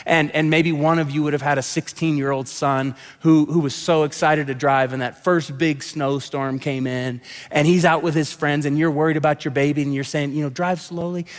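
A man delivers a sermon in a conversational style, full of restarts and side remarks. His voice sits fairly high for a man. A long reverb from a large sanctuary hangs behind every phrase. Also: level tone, moderate pace, few pauses. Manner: conversational preaching, many restarts and asides. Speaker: pastor.

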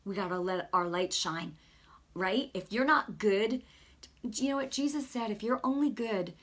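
A woman's voice: mid-range voice, moderate pace. A middle-aged woman giving an earnest, conversational sermon, telling a personal story with lots of casual asides. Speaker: preacher.

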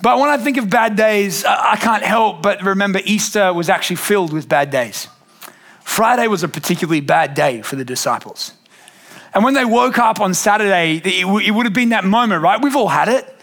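A man, a pastor telling a lively family story in a sermon and acting out the voices. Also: high voice, brisk. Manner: animated, acts out family voices.

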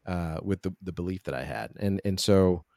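A man hosting a podcast interview, speaking earnestly in a halting way with many restarts. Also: low-pitched, dark tone, no room sound, clean studio sound. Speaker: podcast host. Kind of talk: conversational interview.

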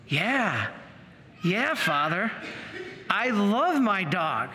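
Brief: man doing a little boy, earnest, simple answers, bright tone, echoey hall. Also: sits high, big pitch swings, extremely slow, exaggerated voice. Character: young boy, eager then puzzled.

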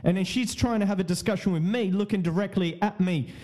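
A man's voice: high voice, fairly quick, warm tone. A man hosting a podcast, telling a story casually in a rambling, repetitive way, laughing often and swearing freely. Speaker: podcast host.

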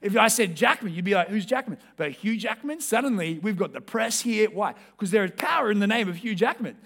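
Preaching to his flock, this male pastor has a high-pitched voice with lively intonation and a brisk delivery. He addresses the congregation in a direct, conversational way, alternating between forceful emphasis and quiet, hushed moments.

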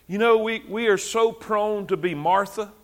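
A man's voice: high-pitched, normal speed. A male preacher giving a fervent, conversational sermon full of repetition, often stumbling over his words as he builds.

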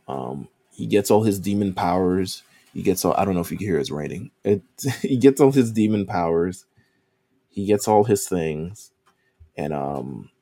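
A man's voice: low-pitched, gravelly, warm tone, no echo. A man co-hosting a podcast, recapping an anime season in casual chat, rambling with lots of ums and casual swearing. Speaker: podcast co-host.

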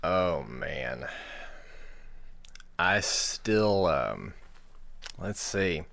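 A man joins a podcast conversation as a guest. His voice is low. He sounds relaxed, laughs easily, and readily goes along with the host. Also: drawn-out words, gravelly. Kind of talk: casual chat.

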